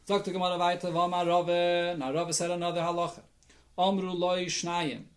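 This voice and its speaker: A man's voice: high-pitched, flat delivery, fairly quick. A man teaching a daily Talmud lesson as a rabbi, reading the Aramaic text and explaining it in English sprinkled with Yiddish and Hebrew terms, thinking aloud as he goes. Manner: thinks aloud, with restarts and fillers.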